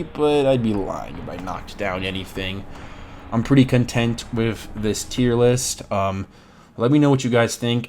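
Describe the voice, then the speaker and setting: A man's voice: on the low side, darkish tone, slight background noise. A man giving casual, opinionated commentary as a video creator, blunt and swearing freely.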